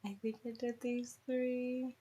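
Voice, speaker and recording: A woman's voice: fairly high pitch, flat delivery, slow, mellow, husky. A woman vlogging casually to her viewers, dismayed and laughing through her frustration. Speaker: crafting vlogger.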